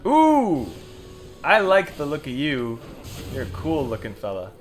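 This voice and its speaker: Lively man streaming a video game. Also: a little high, measured pace, faint music behind. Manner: chatty, reactive, reading game text aloud. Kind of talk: let's play commentary.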